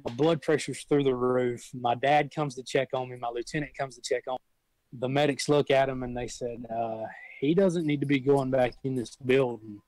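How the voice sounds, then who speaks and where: A man's voice: mid-range voice, steady tone, moderate pace, a little mellow, no room sound, rough recording. A young man, a volunteer firefighter, telling stories in a rambling, folksy way with frequent restarts. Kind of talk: casual storytelling.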